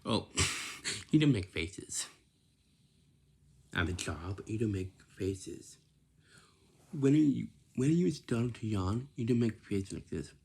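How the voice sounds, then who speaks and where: Speaking casually to the camera, a man offers plain job-hunting advice in simple words with a lecturing tone. His low, gravelly, husky voice is a little mellow and swings widely in pitch, and he talks slowly and haltingly, often restarting and repeating phrases.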